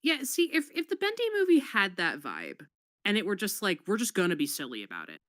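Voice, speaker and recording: A guest on a casual chat who talks in an excitable, animated way and laughs often. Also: mid-range voice, brisk, no room sound.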